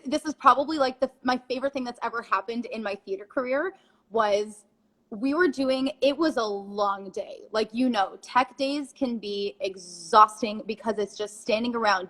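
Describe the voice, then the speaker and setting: A woman's voice: mid-range voice, fairly bright tone, poor audio. A woman in her twenties, a guest in a casual chat, telling stories animatedly and laughing easily.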